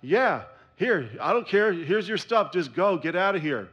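A man's voice: high-pitched, animated, a little slow, breathy edge, lo-fi sound, pitched above the performer's own voice, heavily acted. A man voicing a nervous, impatient male drug dealer who brushes him off brusquely. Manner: brusque, dismissive.

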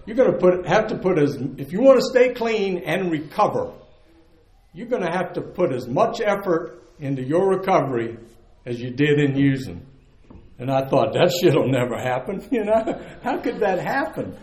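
A middle-aged man with a drawl speaks candidly and plainly, his voice sitting a little high for a man. He talks with earthy, conversational ease before a live audience. The sound is roomy, with echo from the hall around him. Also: darkish tone. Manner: candid, conversational, earthy, laughs through the story. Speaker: speaker sharing his story at a recovery meeting. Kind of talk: personal testimony to a live audience.

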